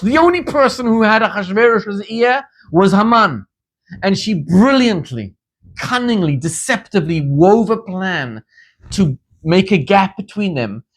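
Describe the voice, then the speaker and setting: A man from Zimbabwe, a rabbi, giving a sermon in an animated, emphatic storytelling manner. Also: high voice.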